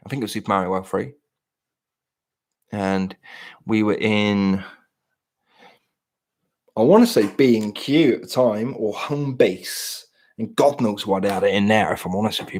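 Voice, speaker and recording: A man's voice: fairly low pitch, vocal fry. Rambling British man streamer. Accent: British English. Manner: rambling, self-deprecating, chatty. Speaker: live streamer. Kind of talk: casual chat to stream viewers.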